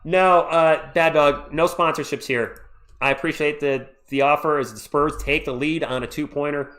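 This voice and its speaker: A man hosting a live play-by-play stream, calling the action and chatting with viewers in an excitable, jokey way. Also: fairly high pitch, normal speed. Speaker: livestream play-by-play host. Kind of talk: live play-by-play with chat reactions.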